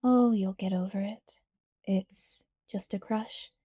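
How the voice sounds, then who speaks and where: A woman voicing a calm, teasing teenage vampire boy in a soft, hushed, near-whispered delivery. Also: mid-range voice, slow, dry recording, studio quality. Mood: tender.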